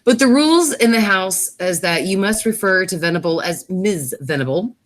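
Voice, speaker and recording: A woman's voice: mid-range voice, animated, moderate pace. A woman hosting a casual episode review, recapping the plot with many fillers and self-corrections. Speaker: host.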